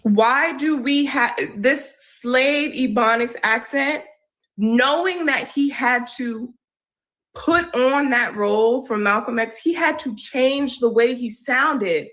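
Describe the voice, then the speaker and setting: Woman with a fairly high voice going off on a news show, fired up and forceful. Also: takes it slowly. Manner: indignant, forceful. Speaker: co-host. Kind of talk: opinionated commentary.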